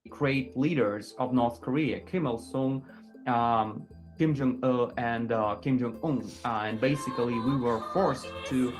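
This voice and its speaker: A man's voice: mid-range voice, measured pace, faint music behind, low-quality recording. A man recounting a story in a news interview, hesitant with many fillers.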